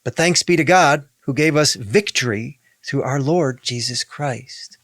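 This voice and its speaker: A man's voice: fairly high pitch, normal speed, fairly bright tone, no room sound, studio quality. A man, a rabbi, in a podcast discussion, speaking emphatically, repeating key phrases and reading scripture aloud.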